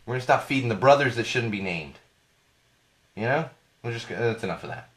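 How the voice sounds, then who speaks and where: A man hosting a live podcast, rambling and indignant in a casual rant, his voice going hoarse. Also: mid-range voice, lively intonation, a little fast. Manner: rambling, indignant, self-correcting. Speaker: podcast host.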